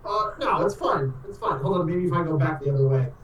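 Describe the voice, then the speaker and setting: A man's voice: a little high, animated, a little fast, a bit bright, slight background noise. A man voicing a polite, flustered adult male adventurer who talks formally and keeps insisting everything is fine. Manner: formal and fussy, repeats reassurances. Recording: roomy echo, mic at a distance.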